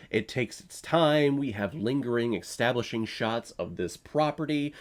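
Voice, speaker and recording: A man giving a casual, opinionated movie review, blunt, with sarcastic asides and the odd swear word. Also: mid-range voice.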